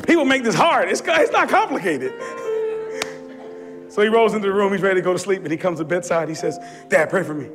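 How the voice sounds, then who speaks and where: A middle-aged man preaching a fervent sermon in church, rising to shouts at the peaks. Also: high-pitched, animated, fast, long pauses, over music. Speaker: pastor. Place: church sanctuary.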